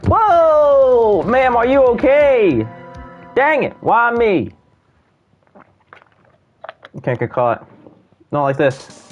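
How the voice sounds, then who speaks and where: A man's voice: on the high side, very animated, takes it slowly, pauses often, narrow, tinny audio. A man voicing a frantic young man panicking over a body in a game, with music faint behind. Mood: panicked.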